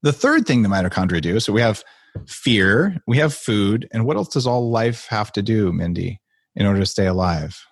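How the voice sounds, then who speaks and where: A man's voice: lowish voice, animated, normal speed, dry recording, clean studio sound. A man talking as a podcast guest, playfully acting out the voices in people's heads as he explains. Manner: playful, acts out inner voices. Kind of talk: animated interview talk.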